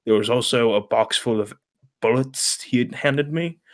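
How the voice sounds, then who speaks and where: A man's voice: medium pitch, normal speed. A man co-hosting a casual podcast, telling a story in a put-on British accent and humming little filler syllables between sentences. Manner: keeps up a mock British voice, hums little "pa pa pa" fillers. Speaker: podcast co-host.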